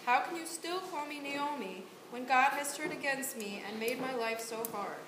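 A woman's voice: high voice, moderate pace, close to an everyday voice. A woman volunteer reading the part of Naomi, a grieving widow, aloud in church. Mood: bitter. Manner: earnest plain read-aloud delivery. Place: church sanctuary. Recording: echoey church room with hiss.

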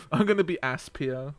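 Loud, swearing young man gaming. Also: a little high, no echo. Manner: swears a lot, loud outbursts, laughs often. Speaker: co-player. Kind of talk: casual gaming chat.

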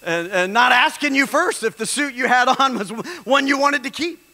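Man, pastor, sermon, high-pitched, emphatic preaching, long hall reverb. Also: normal speed. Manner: emphatic preaching, with lines building to shouts. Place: church hall.

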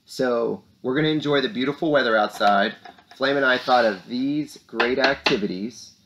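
A man's voice: medium pitch, normal speed, a bit bright, slight background noise. Upbeat man hosting school announcements. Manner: upbeat, speaks to kids with rising emphasis. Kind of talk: lively morning announcements for children.

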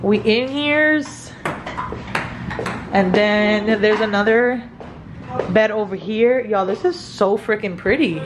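A woman, giving an excited, gushing house tour for her vlog, filmed on a phone indoors. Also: mid-range voice, unhurried, noisy background. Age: 30s. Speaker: vlogger. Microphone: handheld phone camera.

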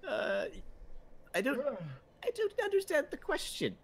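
A tall, spindly clockwork soldier, earnest and zealous but lost without orders, voiced by a man. The voice leaps all over its range, dropping low and solemn, then jumping high. It stammers and restarts as it works out simple questions. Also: a little slow, creaky, exaggerated voice. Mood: wistful. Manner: stammering, naive, swings between solemn and excitable.

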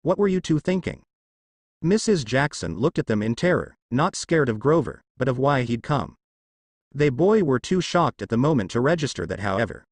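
A man reading a story aloud. His pitch rises and falls a lot as he goes, and his voice is close and dry, with no room sound. He keeps the narration quick and even and only slightly lifts his tone for the characters' lines. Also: no room sound. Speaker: fan fiction reader.

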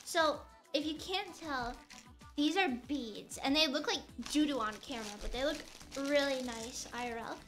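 A woman's voice: high-pitched, moderate pace, music in the background. A young woman streamer chatting playfully and rambling while she crafts on stream.

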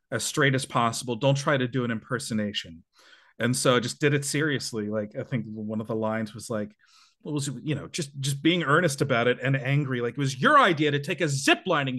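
A man, an actor guest, talking from home through headphones and a mic, telling anecdotes in a relaxed, earnest way. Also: medium pitch. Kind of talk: casual conversational interview. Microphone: headphones with a desk mic, at home.

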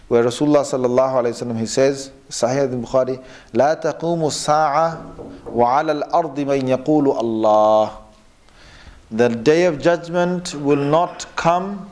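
A man gives a religious lesson in a slightly high voice. He reads short Arabic passages and then explains them in English. He speaks at a measured pace, with frequent pauses and self-corrections. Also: a little mellow. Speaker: Islamic teacher. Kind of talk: lecture on religious texts.

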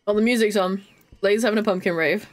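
A woman's voice: mid-range voice, steady tone, fast talker. A woman streaming live, chatting casually while gaming and laughing constantly.

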